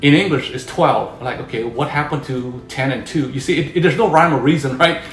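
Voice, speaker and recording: A man teaches a casual lesson at an easy, patient pace, stopping often to check the listener is following. His voice sits in the middle of the usual male range. The room rings with noticeable echo, and soft guitar music plays faintly behind him. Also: medium pitch, brisk. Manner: patient, often checks in with "all right?" and "okay?". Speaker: language teacher. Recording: echoey room.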